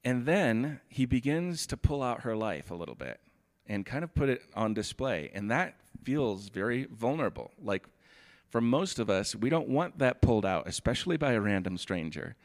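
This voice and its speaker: A pastor giving a sermon. He reads scripture steadily, then explains it in a relaxed, chatty way, often saying "like". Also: medium pitch, moderate pace.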